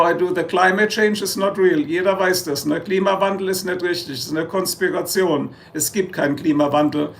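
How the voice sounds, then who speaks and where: A man's voice: sits high, gravelly. A German man with a German accent, hosting a casual live stream, joking and rambling as he answers chat. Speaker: livestream host.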